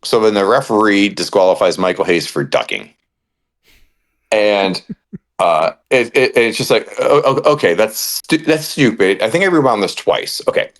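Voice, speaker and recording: A man on a podcast with a fairly low voice that swings widely in pitch. He recaps with a ranting, animated energy and swears freely. The talk is loose and chatty. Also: normal speed. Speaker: podcast co-host. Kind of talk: casual wrestling podcast chat.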